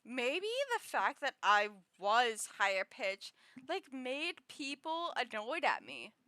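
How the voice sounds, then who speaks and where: High, bright-voiced giggly young woman. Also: big pitch swings, slow pace, smooth, no room sound, clean studio sound. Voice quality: high, girlish voice others have called annoying. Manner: rambling and giggly, with frequent restarts and fillers. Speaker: streamer. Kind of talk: casual chat with viewers.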